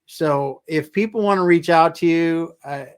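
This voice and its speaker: A man with a somewhat high voice hosts the interview, giving short affirmations and friendly thanks. He wraps up the episode in an easy conversational tone. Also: measured pace, smooth. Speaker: show host. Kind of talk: interview hosting.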